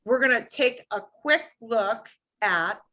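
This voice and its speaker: A woman's voice: on the high side, lively intonation, slow pace, bright, forceful tone. A woman teaching a beginner Spanish class, explaining patiently and often checking in with "okay?".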